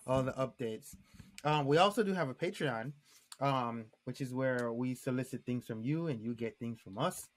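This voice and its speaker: A man's voice: medium pitch, moderate pace. A man in his late thirties co-hosting a podcast, chatting casually with lots of ums and restarts. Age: 30s. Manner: rambling, many ums and restarts. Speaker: podcast co-host. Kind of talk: casual chat.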